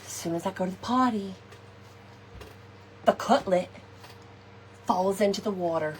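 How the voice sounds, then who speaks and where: A woman telling a funny personal story to her viewers in a chatty, animated way, tossing in "y'all" and "okay" often. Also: mid-range voice, unhurried, a little hiss or hum. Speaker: craft shop host.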